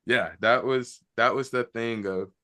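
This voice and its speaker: A man's voice: mid-range voice, a little slow, fairly bright tone. A middle-aged man and military veteran telling a personal story in a casual, reflective way, quoting the people involved. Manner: casual, reflective, quotes others in conversation.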